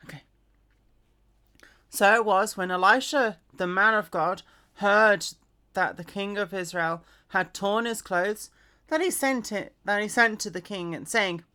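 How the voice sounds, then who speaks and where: Slow-reading woman with chatty asides. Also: medium pitch, sharp tone. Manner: chatty asides, fillers and self-corrections. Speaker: reader. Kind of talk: casual Bible reading aloud.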